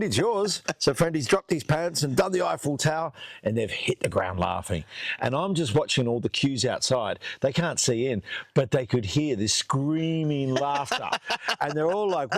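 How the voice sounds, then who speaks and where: A man's voice: on the high side, a little slow, no room sound. Laughing storyteller man, dry close sound. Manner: animated storyteller doing voices, laughs often. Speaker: host. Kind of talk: casual chat, storytelling. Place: outdoors under a tree.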